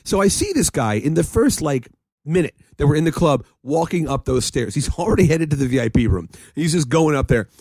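Man, lively swooping delivery, rambling casual storyteller, dry close sound. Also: a little high, brisk, slightly rough, dry recording. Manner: rambling, animated storyteller with frequent laughs and profanity.

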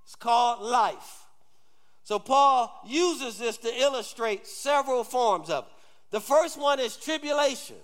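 A male pastor delivers a sermon in a high-pitched voice, pressing the congregation to respond aloud. His voice rings through a church with a long, lingering reverb. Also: animated, measured pace, fairly bright tone. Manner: call-and-response preaching, urging the congregation. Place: church sanctuary.

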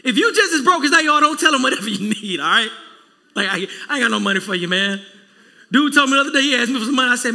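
Male pastor, sermon, animated storyteller; bright forceful tone, reverberant hall. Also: high-pitched, a little fast, long pauses. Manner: animated, acts out everyday dialogue. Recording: long reverb in a church hall.

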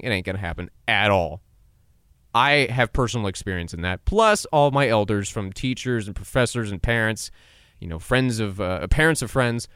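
Man in his twenties, podcast host, lively pitch, dry close sound, laughs at himself, acts out voices. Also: clear, resonant tone, no echo. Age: 20s. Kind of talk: solo podcast monologue.

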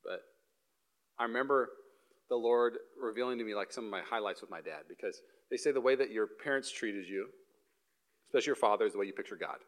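A male pastor preaching a live sermon in a church, telling a personal story in an animated way and acting out the scenes. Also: fairly low pitch, fast talker. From Washington state, US. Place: church sanctuary, live service.

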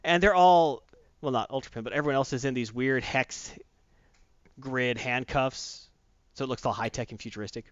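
A man hosting a comic book podcast, recapping an issue in a rambling, animated way with casual asides. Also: medium pitch, moderate pace, dry recording. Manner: rambling, animated storyteller who acts out quotes. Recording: dull lo-fi dry recording.

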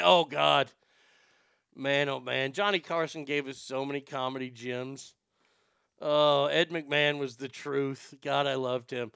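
A man, a comedian and impressionist, chatting casually on a podcast in a profane, animated way with stammering restarts, close to the mic. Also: a little high, unhurried, smooth, dry recording.

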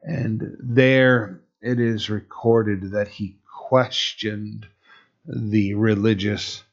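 A man's voice: on the low side, fairly even intonation, drawn-out words, vocal fry, highs cut off. A man preaching a sermon in a conversational way, with casual asides and fillers, turning stern and emphatic when he quotes a rebuke.

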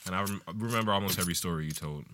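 A man's voice: low voice, very fast, fairly bright tone, a little hiss or hum. A man hosting a podcast, joking around in profane casual banter. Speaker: podcast host. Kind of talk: casual chat.

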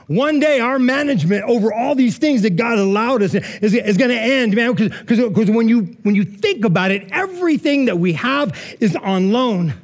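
A man's voice: extremely high pitch, animated, normal speed. A man preaching a sermon in a casual, conversational way, full of asides and rhetorical questions. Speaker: pastor.

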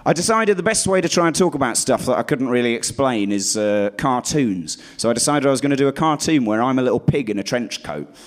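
A man performs stand-up comedy with a rambling, self-deprecating delivery. His pitch swings widely between bright, raised lines and low, muttered asides. It sounds like a live routine on a comedy club stage. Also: animated, fairly quick, few pauses.

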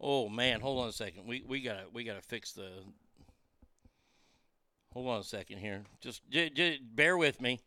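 A medium-pitched man hosts his own show at a moderate pace, pausing often, his tone sharp. The casual solo monologue is rambling, irreverent and profane, recorded dry on a studio mic through a mixing board.

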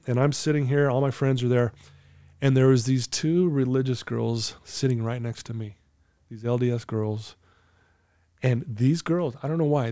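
A middle-aged man telling his own life story as a guest, earnest and candid, at times emotional and clearing his throat. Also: mid-range voice, dark tone, dry recording, studio quality. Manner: earnest, candid, storytelling with quoted inner thoughts. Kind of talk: emotional personal testimony.

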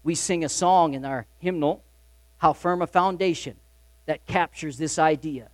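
Delivering an emphatic sermon, this pastor with a fairly high voice hammers key lines before easing into a soft, intimate tone, moving between loud and quiet. His pace is a little slow, and the audio is close and dry, without any echo.

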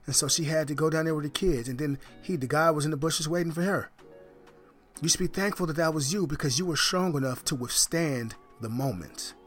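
A man telling a personal story and acting out the quoted dialogue, his voice rising and falling with each part. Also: a little high. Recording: faint music behind the voice.

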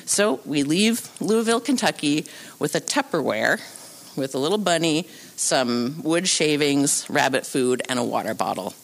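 Animated woman telling a story on stage. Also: deep voice, normal speed. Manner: animated, acts out voices and sounds. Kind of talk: live true-story telling. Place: theatre stage.

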